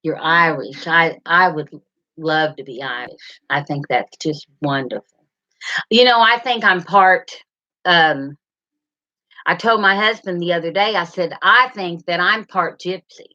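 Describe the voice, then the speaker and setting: A woman's voice: fairly low pitch, unhurried, pushed and bright. A middle-aged woman, rambling as she chats with viewers and reads their comments in a live stream. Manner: chatty, rambling, addresses viewers by name. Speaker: livestream host. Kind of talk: casual live chat reading comments. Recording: slightly dull lo-fi sound.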